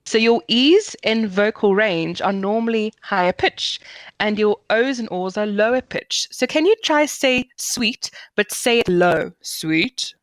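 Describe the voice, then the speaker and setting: A woman's voice: mid-range voice, measured pace, no room sound. South African female communications coach, explains patiently and demonstrates, dry recording. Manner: explanatory, demonstrates intonation examples. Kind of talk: podcast interview, explaining.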